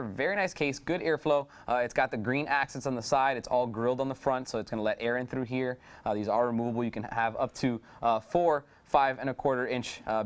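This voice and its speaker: A man giving an unscripted product demonstration, talking up each computer component with eager sales patter and frequent fillers. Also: mid-range voice. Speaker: product presenter.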